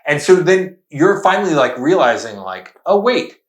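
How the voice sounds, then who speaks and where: A man's voice: a little high, sing-song, normal speed. Man co-host, casual film chat, rambling delivery, roomy sound. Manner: rambling, fills with "like". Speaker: podcast co-host. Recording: echoey room.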